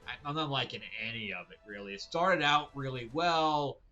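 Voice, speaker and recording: Male host, bright forceful voice, loose and blunt, slightly dull recording with faint music under it. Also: mid-range voice, animated, normal speed. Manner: rambling, with frequent fillers and restarts; blunt, opinionated. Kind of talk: casual comic book review.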